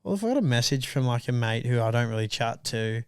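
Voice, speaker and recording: A young man, co-hosting a podcast in casual chat, animated and swearing freely as he acts out kids and parents. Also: mid-range voice, fast, clear, resonant tone, dry recording, studio quality. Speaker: podcast co-host.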